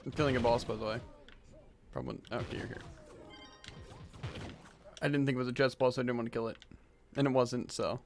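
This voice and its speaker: A man's voice: medium pitch, steady tone, a little fast, vocal fry, pauses often, soft background music. A man streaming a game who is losing his voice, chatting casually and rambling with lots of fillers into a desk microphone at home. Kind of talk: casual gaming chat. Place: hot room at home.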